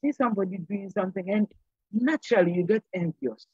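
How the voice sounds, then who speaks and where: A woman's voice: medium pitch, a little fast, a little mellow, breathy edge, no room sound, lo-fi sound. An older woman speaking as a guest on a church program, giving an earnest, sermon-like exhortation and repeating phrases for emphasis. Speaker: panel guest.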